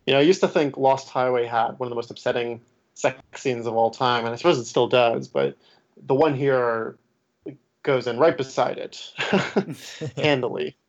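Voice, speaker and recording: A man's voice: mid-range voice, moderate pace, dull audio. A man in a casual critical discussion, speaking thoughtfully with hesitations and light chuckles. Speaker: podcast panelist.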